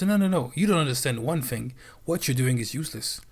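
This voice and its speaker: Swearing man, slightly high voice. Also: animated, fast, husky. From France. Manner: blunt, swearing, emphatic repetition. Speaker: streamer. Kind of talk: profane livestream rant.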